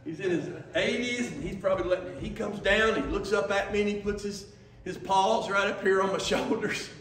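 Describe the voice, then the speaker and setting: A male pastor preaching a sermon in a lively, conversational storytelling manner. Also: high-pitched, moderate pace, slight background noise. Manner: lively, conversational, acts out quotes. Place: church sanctuary. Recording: echoey church from a distance.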